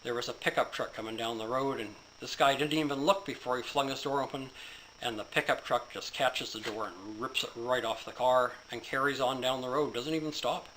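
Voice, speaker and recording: A man's voice: medium pitch, brisk, a bit bright, a little hiss or hum, rough recording. A man telling a long joke in a casual, folksy storytelling manner.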